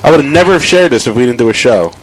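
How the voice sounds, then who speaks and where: A man's voice: medium pitch, expressive, rapid-fire, rough recording. A man hosting a podcast, arguing brashly, mocking and swearing a lot. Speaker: podcast host. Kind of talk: heated casual argument.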